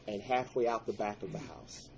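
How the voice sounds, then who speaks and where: Earnest male storyteller, lowish voice, intense and prayerful; muffled recording with a light hiss. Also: normal speed. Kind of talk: personal story told to listeners.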